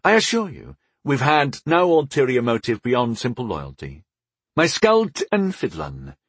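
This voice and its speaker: A man's voice: medium pitch, wildly swooping pitch, fairly bright tone, husky, no echo, exaggerated voice. A man voicing a diplomatic young apprentice. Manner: measured, diplomatic. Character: diplomatic young male apprentice, smooth-talking.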